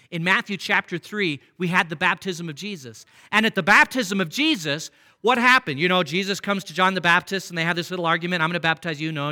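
A man preaching a sermon in a conversational way, reading verses aloud and turning to the congregation with rhetorical questions. His voice sits fairly high for a man and has a bright, forward tone. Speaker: pastor.

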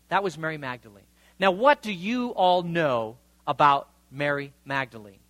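A man delivers a sermon in a high, bright voice, alternating scripture reading with loose, chatty retellings. The sound is dry and close, with no room around him. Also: very animated, moderate pace, no room sound. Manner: conversational, retells scripture in casual paraphrase. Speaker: pastor.

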